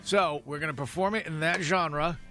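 Bright-voiced male radio host. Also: on the high side, steady tone, moderate pace, soft background music. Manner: upbeat, game-show hosting patter. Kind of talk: casual on-air banter. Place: radio studio.

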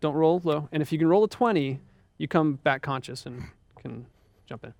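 A man running a tabletop game as game master, halting and stumbling, laughing often. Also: on the high side, creaky, a little mellow, dry recording.

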